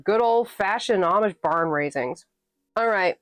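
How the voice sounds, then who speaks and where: A woman from New England hosts a live stream and banters with her viewers between readings. She is sassy and quick to laugh, and her voice sits at an ordinary middle pitch. The sound is dry and close, with faint music playing underneath. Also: expressive, a bit bright, no room sound. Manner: playful and sassy, laughing often. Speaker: livestreamer and author reading her novel.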